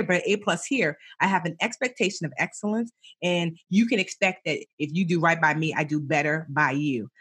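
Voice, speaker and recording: A woman guest chatting casually in an interview, telling stories with animated asides and voicing herself in quotes. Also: sits low, slightly rough. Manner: lively storyteller, animated self-quotes. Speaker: guest entrepreneur.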